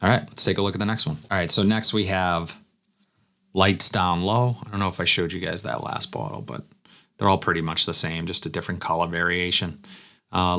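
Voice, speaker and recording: A man's voice: low-pitched, bright, forceful tone. A man casually reviewing fragrances, thinking aloud as he smells each one. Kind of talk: casual first-impressions review.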